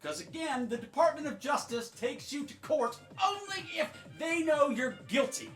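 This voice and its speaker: A man's voice: extremely high pitch, sing-song, normal speed, echoey room, faint music behind. A man giving sarcastic, mocking political commentary over clips. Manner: sarcastic, mocking, swinging loud to soft.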